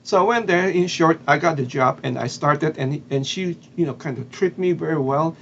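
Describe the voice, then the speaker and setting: A man's voice: on the high side, normal speed, fairly bright tone, dull audio, a little hiss or hum. A man from the Philippines with a Filipino accent, telling a story casually with lots of fillers and restarts. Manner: hesitant, many fillers and restarts. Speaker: vlogger.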